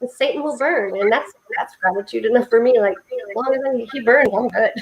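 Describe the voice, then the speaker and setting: A woman's voice: on the high side, a little fast, rough recording. A woman co-hosting a faith-based livestream chat, telling heartfelt stories in an earnest, preaching way over a video call. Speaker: co-host of a faith support livestream.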